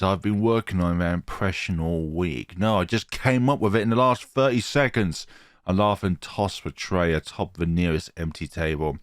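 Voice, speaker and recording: A man's voice: sits low, moderate pace, no room sound, clean studio sound. A man reading a horror visual novel aloud as a let's player, playful, often tripping over words and correcting himself.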